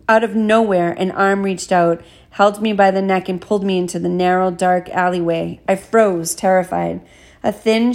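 A woman reading an audiobook chapter in a steady, measured first-person narration. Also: mid-range voice, creaky. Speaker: audiobook reader.

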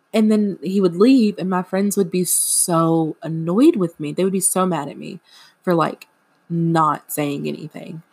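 Low-voiced young woman, rambling podcast chat. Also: husky. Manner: rambling, filler-heavy, self-deprecating. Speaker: podcast host. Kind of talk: casual confessional chat.

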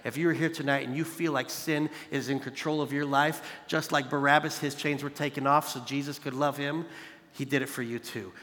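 Bright-voiced male preacher in a reverberant hall. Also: medium pitch. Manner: conversational, addresses listeners as "you guys"; emphatic, repeats phrases for build-up. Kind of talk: sermon. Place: large hall, evening service.

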